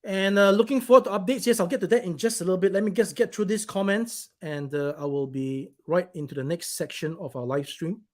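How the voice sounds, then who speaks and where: A man's voice: high voice, brisk, hardly any pauses, darkish tone. A man hosting his own live stream, reading out viewer comments in an irritated, blunt, rambling way and swearing now and then.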